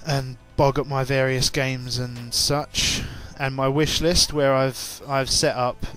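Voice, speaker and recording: A young Englishman, a YouTuber, chats casually to his viewers at a slow pace, rambling with plenty of fillers and restarts. His medium-pitched voice is level and fairly bright, and soft music plays behind him. He has just woken up, sounds tired and keeps hiccuping.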